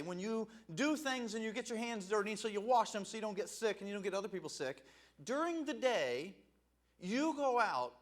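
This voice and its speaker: Lively high-voiced man preaching a sermon. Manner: conversational, asks "right?" often, laughs at himself. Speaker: evangelist preacher.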